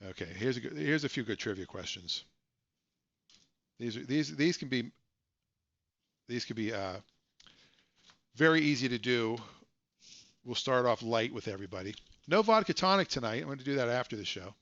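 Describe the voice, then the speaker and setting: A man's voice: mid-range voice, animated, moderate pace, pauses often, fairly bright tone, no echo, dull audio. A man hosting a casual live stream, telling rambling stories and correcting himself as he goes, from a home setup. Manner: rambling, self-correcting storyteller.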